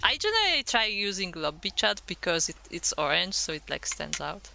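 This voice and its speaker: Chatty woman co-caster, bright voice. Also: fairly low pitch, sing-song, a little fast, gravelly, soft background music. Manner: chatty, self-deprecating. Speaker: esports co-caster. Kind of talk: live game commentary.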